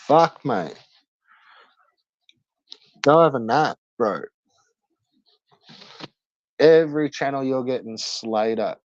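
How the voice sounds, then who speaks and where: Brash Australian man, slow drawl. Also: mid-range voice, a little mellow, no room sound, highs cut off. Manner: brash, profane banter. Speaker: streamer. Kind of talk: casual chat answering viewers.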